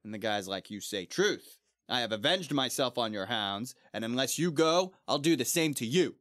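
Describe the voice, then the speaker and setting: A man's voice: medium pitch, lively intonation, moderate pace, a bit bright, no echo, studio quality. Casual man retelling a story. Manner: casual, laughs often, mixes archaic quotes with slang. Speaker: book club podcast host.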